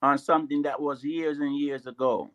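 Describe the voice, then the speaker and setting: A man's voice: fairly high pitch, flat delivery, moderate pace, muffled recording. Insistent man debating on radio. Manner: insistent, pushes his point. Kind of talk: heated call-in radio debate.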